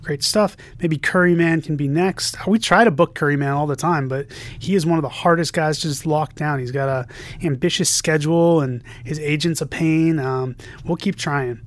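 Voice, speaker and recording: A podcast co-host with a fairly high male voice talks at a normal speed. He reads listener messages aloud, giving the quotes playful emphasis and joking about them in casual chat.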